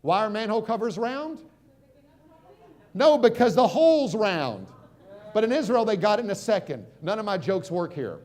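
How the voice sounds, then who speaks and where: A middle-aged American man giving a motivational seminar talk, quizzing the crowd and swinging from loud punches to hushed moments. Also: sits high, sing-song, normal speed. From United States. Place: stage at a live seminar.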